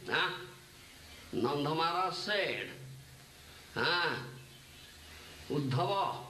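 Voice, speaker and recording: A man giving a scripture lecture as a spiritual teacher, speaking slowly and often checking with "huh?". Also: mid-range voice. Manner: slow, animated, tag questions "huh?". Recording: echoey room, distant mic, faint noise.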